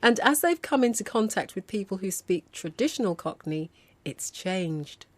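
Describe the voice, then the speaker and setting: A London-born woman presents a language lesson in a clear, measured manner. Her voice sits at a middle pitch and sounds dry and close, with no room around it. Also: very animated, no room sound. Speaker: host. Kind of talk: scripted educational presenting.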